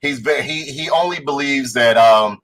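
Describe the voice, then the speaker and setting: Animated male podcast host retelling a show. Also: medium pitch, normal speed, faint music behind, rough recording. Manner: animated storyteller, acts out characters' lines, swears freely. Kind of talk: casual chat reviewing a show.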